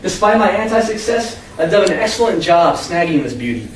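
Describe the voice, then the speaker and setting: A young American man reading his own first-person story aloud to a live audience, with expressive, emphatic delivery. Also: sits high, a little fast. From United States. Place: convention room with an audience. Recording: echoey room, far from the mic, faint hum.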